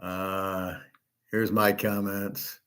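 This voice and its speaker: A man's voice: deep voice, level tone, drawn-out words, a bit bright, smooth. A man hosting a reaction commentary, talking in a scornful, blunt and profane way. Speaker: host reacting to a clip.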